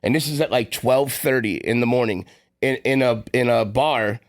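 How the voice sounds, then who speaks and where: A man co-hosting a casual podcast, telling stories in a rambling, quick way on a close mic. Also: mid-range voice, no echo. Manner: rapid rambling storyteller, acts out quotes. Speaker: podcast co-host. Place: on-site session at a roofing company.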